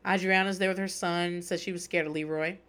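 A woman's voice: lowish voice, fairly even intonation, a little fast, a bit bright, smooth. A woman in her thirties hosting a podcast, recapping a reality show in a chatty, profane, wry way. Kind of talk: casual solo recap chat.

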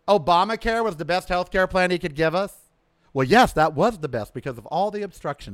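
A man hosting his podcast, delivering a sarcastic, ranting political monologue that swings from loud outbursts to low mutters. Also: expressive, fairly quick. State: coughing from smoke in throat. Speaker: podcast host. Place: outdoors.

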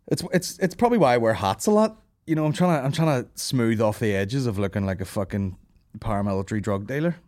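A man's voice: on the low side, a little mellow, no room sound. A young man with a Northern Irish accent, hosting a comedy podcast, swearing freely, laughing and slipping into mocking voices. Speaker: podcast host.

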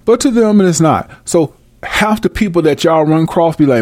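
A man giving a freewheeling, profane Bible commentary, brash and mocking, swinging between loud outbursts and low mutters. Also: animated, moderate pace. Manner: brash, mocking and full of cursing. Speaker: self-styled preacher.

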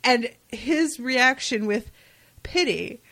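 Animated woman recapping a show. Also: on the high side, takes it slowly. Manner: animated, swearing, laughing, acts out quotes. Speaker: podcast co-host. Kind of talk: casual recap chat.

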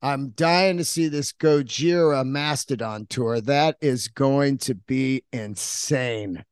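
A man's voice: mid-range voice, slow pace, smooth, no room sound, clean studio sound. A middle-aged man telling a rambling, profane story in a casual monologue as a podcast host.

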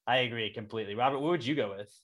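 A man's voice: mid-range voice, very fast, a bit bright. An American man in a casual chat, bantering in a dry, laid-back way.

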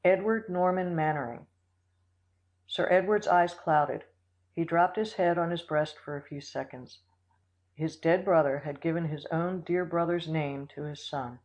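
An audiobook reader narrating a classic story in a steady, measured way. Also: mid-range voice, low-quality recording. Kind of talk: scripted narration.

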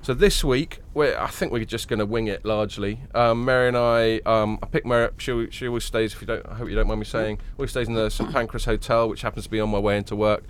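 This podcast host speaks low, steady and quick, barely pausing, over a slight hiss or hum. Nasal and worn out from a late night, he rambles through casual chat, joking and restarting often amid lots of fillers.

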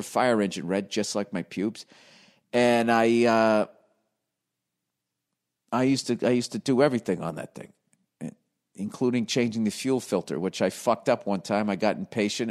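A man's voice: fairly low pitch, darkish tone. A middle-aged man with a profane, ranting, self-deprecating manner, telling a casual comedic story.

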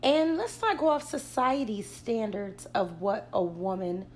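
A woman's voice: mid-range voice, animated, a little slow, darkish tone, slight background noise. A woman co-hosting a casual chat, talking bluntly with slang and swearing. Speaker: podcast co-host.

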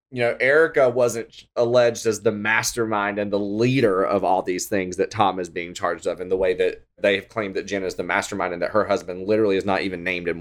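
Animated sassy man with a twang. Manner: animated, sassy, swears freely, slips into shrill impressions. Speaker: podcast host. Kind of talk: casual gossip commentary.

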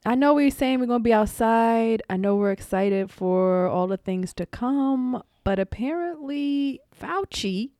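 A woman's voice: fairly high pitch, unhurried, hardly any pauses, dry recording, studio quality. A woman co-hosting a podcast, chatting casually with lots of laughter and slang. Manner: animated, laughing, slangy storytelling. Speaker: podcast co-host. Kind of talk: casual chat.

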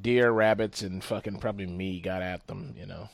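A man's voice: low voice, steady tone, normal speed, creaky, noisy background. A man in casual podcast chat, rambling and profane, jumping between stories.

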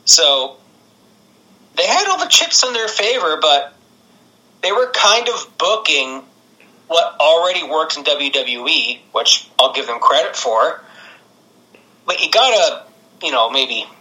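A man's voice: fairly high pitch, sing-song, slow, long pauses, pushed and bright, low-quality recording. A man co-hosting a casual podcast, chatty and laughing often, with frequent restarts. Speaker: podcast co-host. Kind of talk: casual chat.

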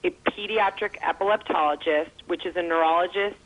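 A woman's voice: on the low side, a little fast, a bit bright, lo-fi sound. Earnest mother telling her story. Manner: earnest, emotional storytelling with fillers. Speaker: guest, mother and foundation founder. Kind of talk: interview, personal story.

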